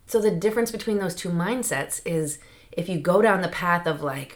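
A woman's voice: on the low side, a little fast. A woman hosting a podcast, talking through a casual motivational monologue into a close mic, chatty and laughing often. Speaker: podcast host.

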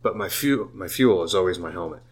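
A man's voice: low-pitched, lively intonation, a little fast, breathy edge. A man chatting casually, tipsy and profane, rambling with restarts. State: drunk. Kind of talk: casual chat.

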